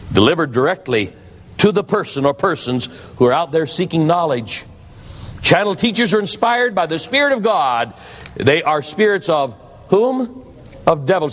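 Male preacher, slightly high voice, earnest warning sermon, long hall reverb. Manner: earnest, warning tone with storytelling asides.

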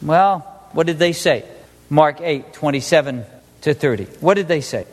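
A man with a high voice preaches a sermon with lively energy, quizzing his congregation as he goes. His voice carries a long reverb, as if he were recorded in a large hall. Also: moderate pace. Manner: animated, asks the congregation questions.

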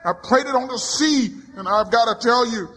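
A man preaching a sermon from the pulpit, building rhythmic repeated refrains that swell into shouts. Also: very high voice, normal speed, breathy edge. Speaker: pastor. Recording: long hall reverb.

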